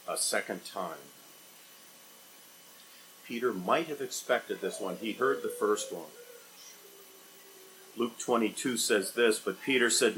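A man preaching an expository sermon, rising to loud emphatic bursts and dropping to quiet, low scripture reading. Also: slight background noise, poor audio.

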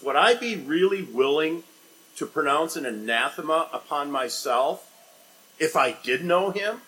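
A man preaching an expository sermon, rising to loud emphatic bursts and dropping to quiet, low scripture reading. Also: expressive, a little slow, poor audio.

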